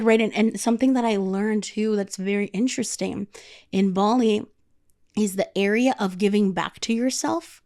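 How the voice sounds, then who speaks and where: A woman hosts a podcast, telling a story casually and chattily with plenty of filler words. Her mid-range voice has a darkish tone, fairly even intonation, and a moderate pace.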